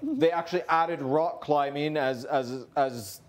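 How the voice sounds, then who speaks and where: A woman's voice: sits low, unhurried, slight background noise. A woman on a reality show, chatting casually and playfully with frequent giggles, recorded on a body mic indoors. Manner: giggly, playful, laughs between words. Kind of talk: casual chat.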